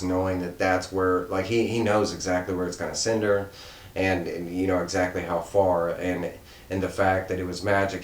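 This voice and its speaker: A very low-pitched man talks through a comic book review in a loose, rambling way, full of fillers and restarts. His voice stays flat and level, and it carries a roomy echo with faint noise behind it. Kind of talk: casual unscripted review.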